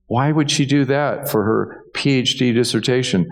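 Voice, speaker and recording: A man, a doctor, answering health questions in a relaxed chat, telling rambling stories with frequent restarts. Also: mid-range voice, normal speed. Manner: rambling anecdotes with many restarts. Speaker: guest doctor. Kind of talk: casual health Q&A. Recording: long hall reverb.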